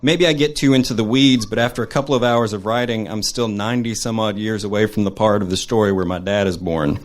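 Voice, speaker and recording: A man reading his personal essay aloud to a live audience, earnest and measured. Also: lowish voice, fairly even intonation. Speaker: storyteller.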